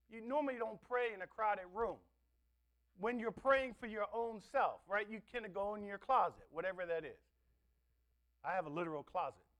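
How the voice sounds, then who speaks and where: Male pastor, high voice, dynamic sermon delivery with sudden loud stresses and hushed asides. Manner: dynamic preaching, swinging between loud stresses and soft asides. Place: church.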